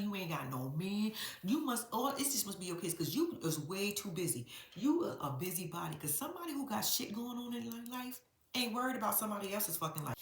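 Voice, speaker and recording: A woman giving a blunt, profane, animated recap of a reality show, talking straight to her viewers in a casual vlog. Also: mid-range voice, reverberant. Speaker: reality TV commentator.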